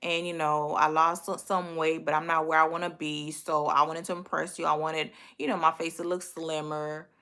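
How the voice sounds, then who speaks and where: A woman voicing an earnest man who is eager to impress his date, speaking softly and hesitantly. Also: deep voice, little pitch movement, moderate pace, few pauses, voice pushed down.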